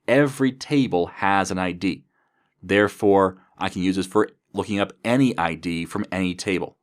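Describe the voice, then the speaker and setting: A programming instructor with a low voice gives a coding tutorial at a normal speed. He works methodically, talking through each step as he types.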